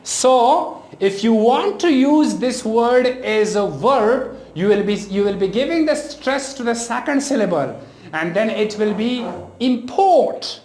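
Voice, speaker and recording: A male teacher with a Pakistani English accent explains pronunciation patiently, often restarting with fillers. His pitch swings widely as he talks. The room has a noticeable echo. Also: expressive, unhurried, darkish tone. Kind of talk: classroom lecture. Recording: echoey room.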